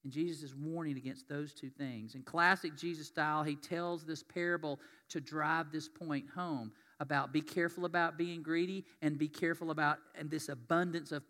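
A man delivering a sermon in a church, talking in a folksy, conversational way. His voice sits fairly high and bright. The sanctuary gives it a long, ringing reverb. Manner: folksy, conversational, reads scripture aloud. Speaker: pastor.

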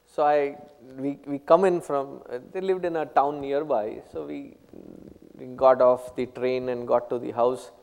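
A man giving a spiritual talk, telling stories and explaining terms one by one in an unhurried way. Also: medium pitch, steady tone, gravelly, a little mellow, big-room sound. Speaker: spiritual teacher. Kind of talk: spiritual discourse with anecdotes.

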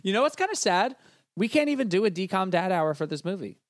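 A man's voice: high voice, sing-song, fast talker, dry recording, clean studio sound. A man co-hosting a casual movie review podcast, chatty and full of "you know". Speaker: podcast co-host.

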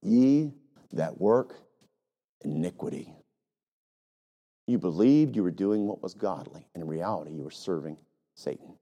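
Emphatic male pastor with a mellow voice. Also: medium pitch. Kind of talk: sermon.

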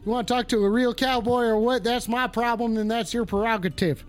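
A man's voice: very high voice, steady tone, fairly quick, soft background music. A man hosting a live call-in stream in character as a touchy, swearing cowboy with a put-on drawl, rambling and reacting to chat.

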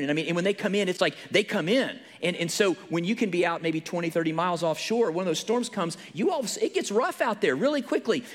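A man preaching a sermon in a conversational storytelling way, dropping to a hushed whisper and then rising to loud emphasis. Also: fairly high pitch. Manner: conversational, storytelling with frequent restarts.

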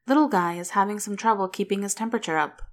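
A friendly, upbeat nurse who talks in a brisk, helpful way, as a woman reading the story puts her on. The voice is lifted a touch above the narration, bright with cheer. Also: mid-range voice, lightly acted. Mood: cheerful.

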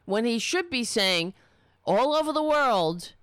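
A woman's voice, slightly high and swinging widely in pitch, tears into her subject with sarcasm and swearing. She takes her time, dragging out her indignant points, and the recording is close and dry with no room sound. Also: lively intonation, unhurried, a bit bright, clean tone, no echo. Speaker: political commentator. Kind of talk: angry political rant.

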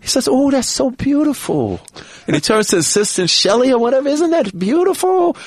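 A man imitating a gentle, childlike male pop star in a soft, breathy high voice that turns to a shriek when alarmed. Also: very animated, a little fast, dry recording, exaggerated voice. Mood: awed, soft.

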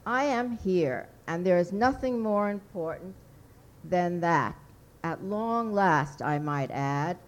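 A woman's voice: fairly low pitch, animated, slow pace. A woman voicing a pompous, impatient little male baron in a read-aloud story, with a grandiose, condescending manner.

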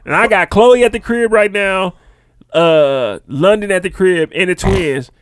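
A man's voice: high voice, unhurried, no echo, clean studio sound. A man in his thirties co-hosting a casual podcast, telling stories about his kids and acting out their lines. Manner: storytelling, acting out quotes of his kids and friends. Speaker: podcast co-host. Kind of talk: casual chat.

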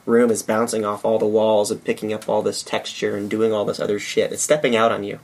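A man with a Midwestern accent, a podcast guest explaining lighting in a relaxed, swear-prone chat. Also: lowish voice, brisk, vocal fry. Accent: Midwestern American. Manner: relaxed, swears freely, laughs often.

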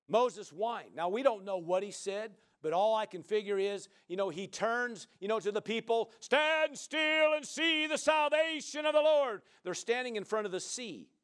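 A man preaching a sermon in a folksy, joking way, often asking the listeners "right?" and swinging from loud to soft. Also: high voice.

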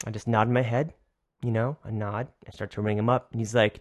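A male podcast host telling a casual, rambling story in an animated way, swearing freely and often restarting his sentences. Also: medium pitch, fast.

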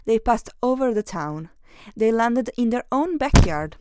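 A woman reading a children's story aloud, doing lively voices for the characters. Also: fairly high pitch, measured pace, background noise. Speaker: story reader.

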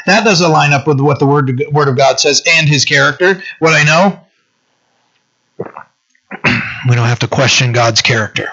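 A male pastor giving a conversational sermon, often checking in with "right?" and pausing on fillers. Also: fairly high pitch, pushed and bright, breathy edge. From French-descended local community. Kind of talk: sermon teaching. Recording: dull lo-fi sound.

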